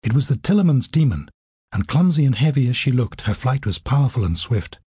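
A man narrating an audiobook in a steady, vivid storytelling manner. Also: mid-range voice, brisk, breathy edge, no echo, studio quality.

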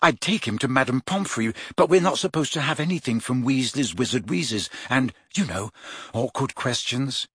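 A man narrating a story and voicing an exasperated, quick-thinking teenage boy wizard, talking urgently. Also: mid-range voice, lively intonation, fairly bright tone, slightly rough, no echo, clean studio sound.

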